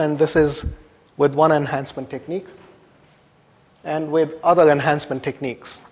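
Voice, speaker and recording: A male university lecturer explains technical results in a slow, measured way, pausing between phrases. His voice sits a little higher than most men's. The sound rings with the long reverb of a lecture hall.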